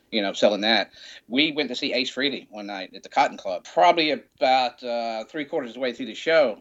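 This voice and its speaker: A man in his fifties from Alabama, telling rambling, animated rock-and-roll anecdotes with restarts and swearing as a podcast guest. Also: on the low side. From Montgomery, Alabama, USA. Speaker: guest, rock memorabilia retailer. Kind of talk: casual storytelling chat. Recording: dull, lo-fi sound.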